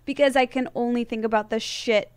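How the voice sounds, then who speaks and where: A young woman comedian guesting on a podcast, making dry, exaggerated jokes between quick laughs. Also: on the high side, steady tone, clean tone. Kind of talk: casual comedic banter.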